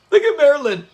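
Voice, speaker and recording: A man's voice: extremely high pitch, lo-fi sound, noisy background. A man hosting a casual livestream watch party, chatty and laughing often as he talks to his viewers. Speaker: channel host.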